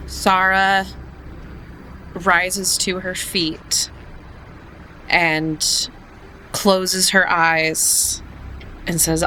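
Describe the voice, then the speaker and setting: Bright-toned woman playing a tabletop game. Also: on the low side, very slow, pauses often, slight background noise, low-quality recording. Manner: relaxed, asks rules questions. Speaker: player. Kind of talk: casual tabletop game play.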